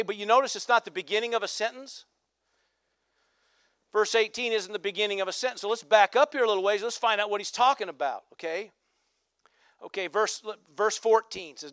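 A male pastor preaching a sermon, peppering his talk with "amen" and "come on" and rising to shouted emphasis. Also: sits high, no room sound, studio quality. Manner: call-and-response exhortations, repeated "amen" and "come on".

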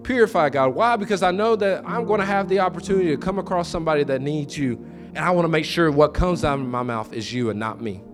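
A man preaches a sermon in church, telling his stories with acted-out quotes and repeated phrases. His voice sits a little high and jumps up sharply when he quotes people. Soft music plays faintly behind him. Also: quick pace. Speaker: pastor.

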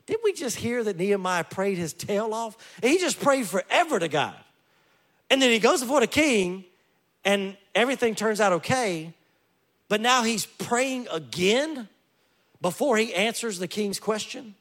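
Lively storytelling pastor, a man. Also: high voice, moderate pace. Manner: lively storytelling with joking asides. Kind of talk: sermon.

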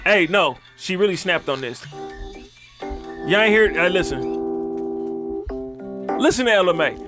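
A man co-hosting a casual podcast, loud and swearing, rapping along to songs. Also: sits high, expressive, unhurried. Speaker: podcast co-host. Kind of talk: casual chat. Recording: music playing in the background.

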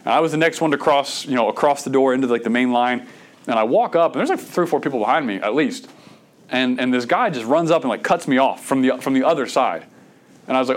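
A man's voice: mid-range voice, lively intonation, quick pace. A middle-aged man, preaching a sermon in a conversational way, with stammered restarts and bursts of emphasis. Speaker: pastor.

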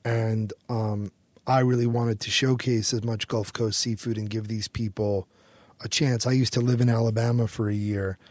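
A middle-aged American man telling a story as a guest in an interview, animated and quick to act out what others said. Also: fairly low pitch, dry recording. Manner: animated storyteller, acts out quotes, swears freely.

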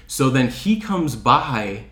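A man from Chicago tells a story in loose, casual chat, swearing freely and getting worked up. He acts out the lines of the people in it. His mid-pitched voice rings a little in a roomy space. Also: sing-song, slow, a bit bright. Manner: profane, heated, acts out quotes.

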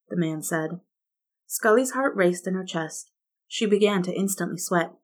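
Casting: female story narrator, steady read, a touch low. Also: normal speed. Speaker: fan fiction reader.

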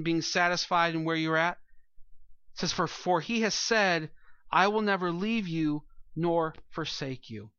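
A man preaches a sermon to his congregation, his bright, slightly high voice earnest and climbing to emphatic peaks. The sound is close and dry, with a slightly dull, muffled tone. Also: no echo. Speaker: pastor. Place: church room with a congregation.

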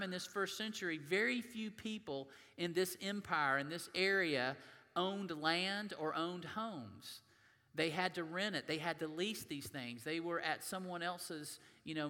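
A pastor preaches to his congregation, reading scripture and then talking it through in an easy, conversational way. His voice sits a little high and bright, and it rings with a long reverb in the church sanctuary. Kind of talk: sermon.

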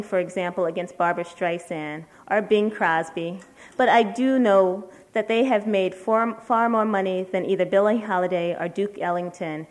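A woman, a writer at a literary event, reading a letter aloud to an audience in a measured, deliberate way with slow, emphatic pauses. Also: mid-range voice.

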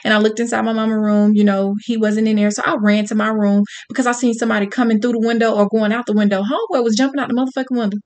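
Woman storyteller, candid and profane, talks straight to the crowd with lively drive. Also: mid-range voice, fast talker, few pauses. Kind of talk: personal storytelling to an audience.

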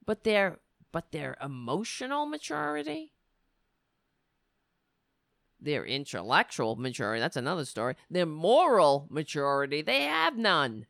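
A woman's voice: low-pitched, big pitch swings, unhurried, gravelly, fairly bright tone, no echo, studio quality. A woman hosting political commentary, reading news excerpts and mocking them with sarcastic asides. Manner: reads news excerpts, then riffs on them.

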